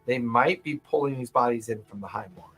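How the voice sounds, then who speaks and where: Husky male game master, mid-pitched, narrates scenes and calls for dice rolls. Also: fairly bright tone, faint music behind, rough recording. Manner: descriptive, unhurried, chuckles often.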